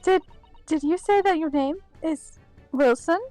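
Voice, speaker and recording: A woman's voice: high voice, darkish tone, no echo, faint music behind, voice pushed up, rough recording. A woman voicing a polite young legal assistant. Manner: formal, courteous and measured. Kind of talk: reading game dialogue aloud in character.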